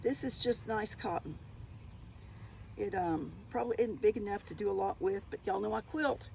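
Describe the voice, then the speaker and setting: Older southern lady showing off her thrift haul, gravelly voice, folksy and chatty. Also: mid-range voice, animated, normal speed, mellow, slight background noise, low-quality recording. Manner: chatty and folksy, keeps calling the viewers y'all. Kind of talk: casual show-and-tell haul.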